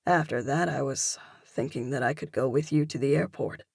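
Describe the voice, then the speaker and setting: A woman's voice: very deep voice, normal speed, vocal fry, darkish tone, husky, dry recording, studio quality, voice pushed down, heavily acted. A woman narrator voicing a confident, playful young male cage fighter in an audiobook, with an easygoing, teasing manner. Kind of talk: audiobook character voice.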